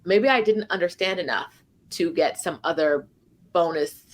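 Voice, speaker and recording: Chatty woman telling lively stories. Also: lowish voice, normal speed. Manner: animated storytelling with lots of "like" and "right?". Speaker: co-host. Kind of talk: casual chat. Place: home in Mexico City.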